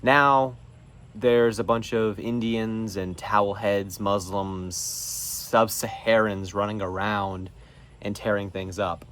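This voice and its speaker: A man from North Carolina holds forth in a solo monologue for his show. His voice sits a little low, and he talks in an emphatic, preachy way, pressing hard on his points. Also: flat delivery, takes it slowly, a bit bright, slight background noise. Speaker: show host. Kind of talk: political monologue.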